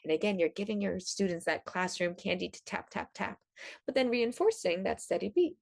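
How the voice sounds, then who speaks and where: A woman's voice: medium pitch, lively intonation, a little fast, creaky, a little mellow, no echo. A woman music teacher, upbeat and enthusiastic, explaining classroom activities to other teachers.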